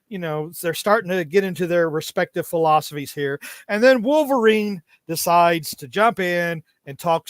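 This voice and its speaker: A man's voice: sits high, no room sound. A man hosting a comic book podcast, talking casually and animatedly, laughing often and reading lines from the comic in mock voices. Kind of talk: casual chat.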